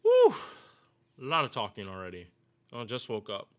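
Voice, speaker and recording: A man's voice: fairly low pitch, fast, bright, forceful tone. A man giving casual, rambling game commentary to his viewers, often restarting his sentences and chatting directly to them. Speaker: gaming YouTuber.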